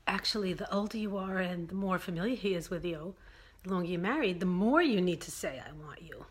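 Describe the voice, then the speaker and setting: A woman's voice: on the low side, lively intonation, brisk, slight background noise. A woman from Brooklyn, giving relationship advice in an emphatic monologue that repeats its key phrases. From Brooklyn, New York.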